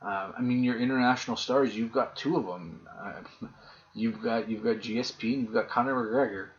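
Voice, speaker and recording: A man's voice: medium pitch, normal speed. A man chats on a casual podcast, swearing freely and acting out every exchange as he tells it. His voice sits in an ordinary middle register. The audio is dull and lo-fi. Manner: profane, animated storyteller. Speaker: podcast co-host. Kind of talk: casual chat.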